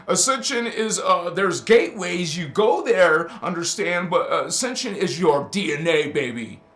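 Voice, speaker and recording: A man's voice: high voice, lively intonation, a little slow, a bit bright. A man hosting a casual spiritual livestream, talking emphatically, calling listeners honey and baby, laughing often and reading out chat. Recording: roomy echo.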